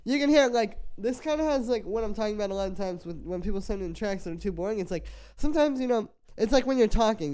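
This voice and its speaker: A man's voice: high-pitched, expressive, fast talker, hardly any pauses, mellow, clear, resonant tone. A young man who produces music, giving loose, filler-heavy feedback on tracks in a casual live stream. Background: faint music from played tracks.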